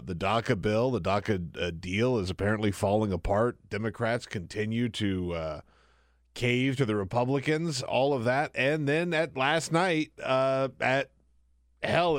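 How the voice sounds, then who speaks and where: A man's voice: mid-range voice, dry recording. A man hosting a talk radio show, speaking casually and sarcastically from a radio studio, riffing and laughing about the news.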